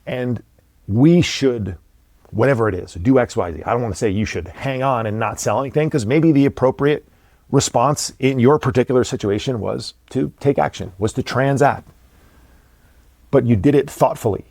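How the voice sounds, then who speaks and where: Man, podcast host, blunt and emphatic, mid-pitched voice, dry sound. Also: normal speed, darkish tone, no echo. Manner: blunt, emphatic, swears casually. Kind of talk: motivational podcast monologue.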